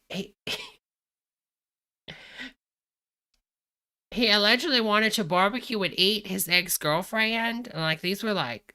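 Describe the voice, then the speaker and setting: A woman hosts a reaction video, her voice bright and a touch low-pitched. She chats in a gossipy, exclaiming way, addressing her viewers directly. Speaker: host.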